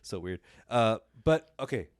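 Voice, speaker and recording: Young guy on a movie podcast, kinda low smooth voice, super dry close mic, lots of uh and like. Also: animated, a little slow, no room sound. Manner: rambling, filler-heavy, self-deprecating. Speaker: podcast co-host reviewing films. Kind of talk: casual podcast chat.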